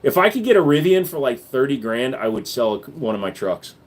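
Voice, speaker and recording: A man's voice: medium pitch, big pitch swings, fairly quick. A man hosting a casual livestream Q&A, reading chat questions aloud and answering bluntly with loose fillers and profanity. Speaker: gun channel host.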